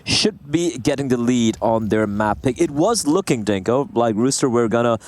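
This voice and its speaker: A man giving analysis in a live esports broadcast, lively and given to playful banter. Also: mid-range voice, moderate pace, dry recording. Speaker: esports color commentator.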